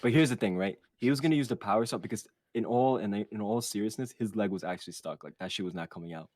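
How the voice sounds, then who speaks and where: A young man with a fairly low voice tells a story from his childhood on a podcast, swearing freely and acting out what others said. He sounds close to the mic in a dry space. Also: quick pace, no echo. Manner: animated and profane, quotes others in put-on voices. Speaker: podcast co-host. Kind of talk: casual storytelling.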